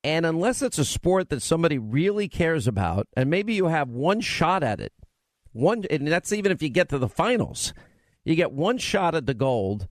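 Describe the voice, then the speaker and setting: A man's voice: fairly high pitch, dry recording. A man hosting a radio talk show, rambling and teasing in casual on-air banter.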